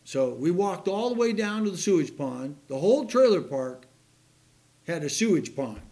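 A man's voice: sits high, sing-song, normal speed, dark tone. A man in his sixties, a pastor, preaching a sermon with folksy, self-deprecating stories and laughing at his own tales.

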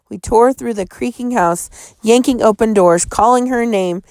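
Woman reading a story out loud, gravelly voice, dry close sound, suspenseful. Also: on the high side, moderate pace, dry recording. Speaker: audiobook narrator.

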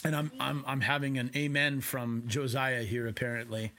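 A man preaching a sermon from home in a conversational way, with quick asides. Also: medium pitch, flat delivery, pushed and bright. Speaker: pastor.

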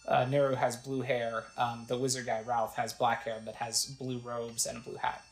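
A woman's voice: a bass voice, level tone, moderate pace, few pauses, roomy sound, soft background music, rough recording. A woman casually narrating a video game playthrough, describing the screen and reading its text aloud. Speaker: gamer narrating a let's play.

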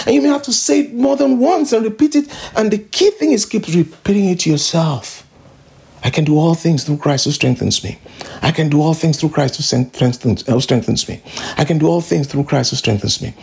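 Woman, pastor, sermon, husky gravelly voice, lively swooping pitch, emphatic repetition. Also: fairly quick. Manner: emphatic, repeats declarations over and over.

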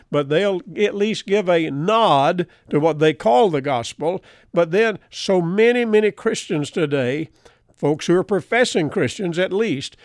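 An older man teaching the Bible in an earnest, emphatic way, quoting chapter and verse and slowing down to stress key words. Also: a little high, dry recording, studio quality. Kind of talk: preaching a Bible lesson.

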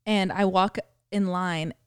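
A woman's voice: lowish voice, slow pace, clean tone, dry recording, studio quality. A young woman co-hosting a podcast, telling a long rambling story full of fillers and swearing, and acting out the people she quotes. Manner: quotes people in lively acted voices. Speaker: podcast co-host. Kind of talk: casual chat.

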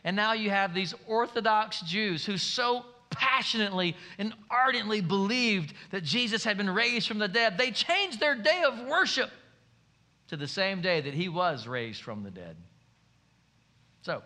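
A man preaching a sermon in a church, telling the story in a folksy, joking way. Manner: folksy, humorous storytelling with lively swings in pitch. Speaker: pastor.

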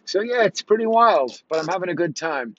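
A man's voice: sits high, lively intonation, a little fast. A middle-aged man from England, a magician chatting casually in a vlog, rambling and correcting himself as he goes. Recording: dull lo-fi dry sound.

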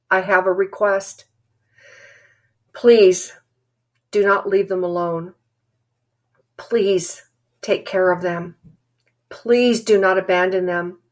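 Woman preaching, earnest and urgent, gets loud and emphatic in bursts. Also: medium pitch. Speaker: Christian preacher. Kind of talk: impassioned sermon with read-aloud letter.

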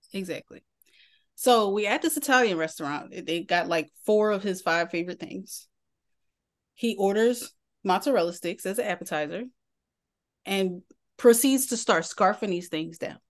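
Philly lady on a podcast, animated storytelling, laughs a lot. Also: mid-range voice, unhurried, long pauses. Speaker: podcast co-host. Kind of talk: casual storytelling chat.

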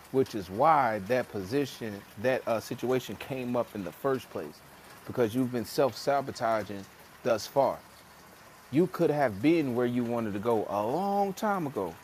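A podcast co-host with a mid-range voice speaks emphatically and in slang on a laid-back motivational show, putting on voices for the people he quotes. A little hiss or hum runs under the recording.

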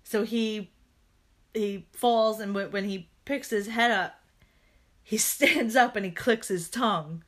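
A woman in a casual chat about a horror film, relaxed and agreeable, often laughing. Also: mid-range voice, takes it slowly. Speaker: podcast co-host. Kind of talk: casual movie review chat.

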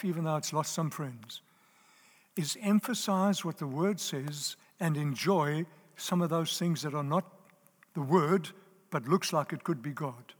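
A man preaching a sermon to a live audience. He talks emphatically, repeats his key phrases and checks whether the listeners are still with him. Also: on the high side. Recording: long reverb of a large hall.

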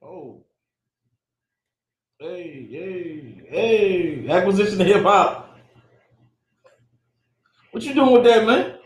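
Animated high-voiced man in echoey room. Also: very slow, long pauses. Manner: laid-back, slangy, laughs a lot. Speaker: podcast co-host. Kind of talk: casual podcast chat. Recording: echoey room with faint noise.

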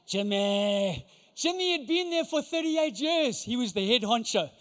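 A pastor giving an animated, conversational sermon, acting out voices of the people in his stories. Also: very high-pitched, unhurried, big-room sound.

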